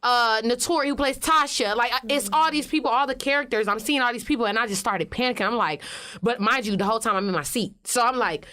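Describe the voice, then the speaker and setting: A woman with an Atlanta accent, an interview guest telling stories in animated, profane, slangy casual talk. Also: fairly high pitch, fast. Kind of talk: casual storytelling.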